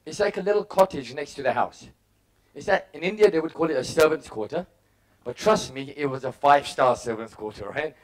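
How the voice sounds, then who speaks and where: A man's voice: on the high side, fairly quick, a little hiss or hum. A middle-aged man giving a motivational talk, telling personal stories and acting out his own thoughts in short punchy bursts. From England. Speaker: motivational speaker.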